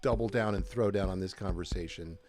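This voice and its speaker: A man's voice: deep voice, brisk, a little mellow, a little hiss or hum. A man hosting a casual livestream chat over a video call, greeting viewers by name in a friendly way. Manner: friendly, reads out viewer names. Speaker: host.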